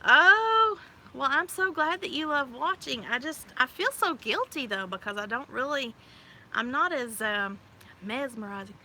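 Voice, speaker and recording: A woman in her forties chatting casually on her live stream outdoors, bubbly and quick to laugh. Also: high voice, sharp tone. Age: 40s. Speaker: livestream host. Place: outdoors by a pool on a windy day. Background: wind gusts.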